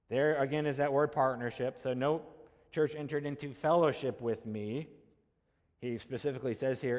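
A man's voice: medium pitch, steady tone, normal speed, darkish tone, in a large hall. A male pastor preaching a sermon, teaching in a conversational way and using many repeated rhetorical questions.

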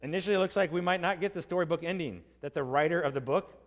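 Conversational preacher in a reverberant hall. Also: male voice, fairly high pitch, racing. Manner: conversational, asks the congregation questions, acts out quotes in casual voices. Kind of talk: expository sermon.

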